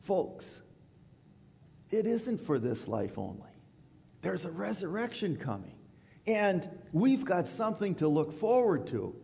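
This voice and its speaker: A man preaching a sermon in a church, conversational and animated, acting out quoted voices. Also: high voice, measured pace, vocal fry. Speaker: pastor. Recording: church hall reverb.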